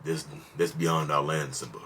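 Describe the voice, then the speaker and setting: A man doing an impression of a wise old lion king, speaking slowly in a hushed, commanding warning tone. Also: very deep voice, fairly even intonation, a little hiss or hum, voice pushed down, heavily acted. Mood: solemn.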